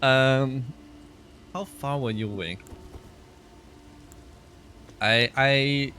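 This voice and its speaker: A man's voice: medium pitch, drawn-out words, bright, forceful tone, a little hiss or hum. Chatty male game streamer. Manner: chatty, laughs often, reads chat aloud. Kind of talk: casual live-stream chat with viewers.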